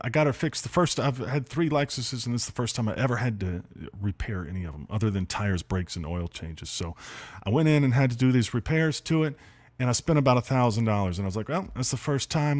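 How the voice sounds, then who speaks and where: A man hosting a casual livestream, telling a story in a lively, excited way, with many fillers and restarts. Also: lowish voice. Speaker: host.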